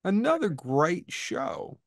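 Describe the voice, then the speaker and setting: A man's voice: on the high side, huge pitch swings, slow pace, vocal fry, no echo, clean studio sound. A man hosting a podcast interview, asking long, eager questions full of praise for his guest's work. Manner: enthusiastic, asks rambling questions. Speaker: podcast host. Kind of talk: casual interview.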